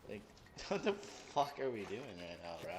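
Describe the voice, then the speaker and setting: A man's voice: lowish voice, moderate pace. A young man streaming a game, ranting at chat in a profane, sarcastic, mocking way. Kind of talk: heated livestream rant. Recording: steady background noise.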